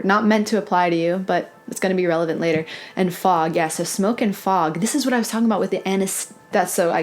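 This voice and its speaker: Meandering, dreamy woman tarot reader. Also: mid-range voice. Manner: dreamy, meandering, self-correcting with soft laughs. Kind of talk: intuitive tarot reading to camera.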